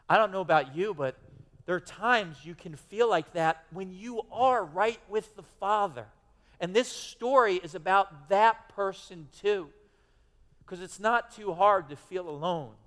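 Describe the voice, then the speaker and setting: A man's voice: high-pitched, fairly bright tone. A male pastor preaching a sermon in a church, in an emphatic, conversational way with many restarts. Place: church sanctuary. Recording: long hall reverb.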